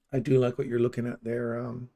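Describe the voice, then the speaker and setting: A man's voice: medium pitch, dark tone. A man casually commenting on a live trading stream, reading out and answering viewers' chat messages by name. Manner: upbeat and chatty, laughs easily.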